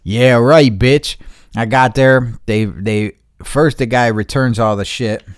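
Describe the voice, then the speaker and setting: A man's voice: mid-range voice, fairly even intonation, slow, clear, resonant tone, dry recording, studio quality. A man hosting a podcast, telling a long story in casual, rambling fashion and swearing constantly. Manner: rambling, heavy swearing, laughs mid-story. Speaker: podcast host.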